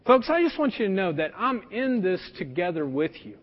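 A man's voice: sits high, very animated, a little fast. A middle-aged male pastor preaching a sermon, telling a personal story in a conversational way with plenty of fillers. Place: church sanctuary. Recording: dull lo-fi sound with long church reverb.

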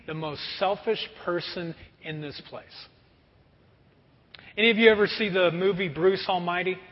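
A pastor preaching a sermon to a congregation, lively and often acting out everyday scenes in quick put-on voices. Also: male voice, high voice. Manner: animated, acts out kids and parents in quick voices. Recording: muffled sound with long hall reverb.

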